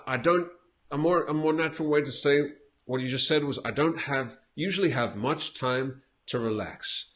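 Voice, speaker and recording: A man teaching English, patiently correcting a learner's recording with repeated example phrases and small laughs. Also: fairly high pitch. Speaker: English teacher giving feedback. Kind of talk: casual spoken lesson.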